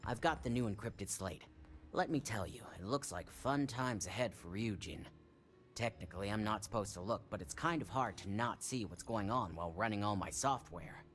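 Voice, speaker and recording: A man's voice: lowish voice, normal speed, lightly acted. An actor playing a smug, self-assured male hacker contact in a video game. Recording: game audio with loud music behind. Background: game music.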